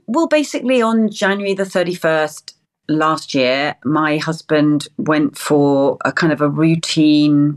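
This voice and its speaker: A middle-aged woman guest, speaking haltingly and close to tears. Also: sits low. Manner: halting, emotional, many restarts. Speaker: interview guest.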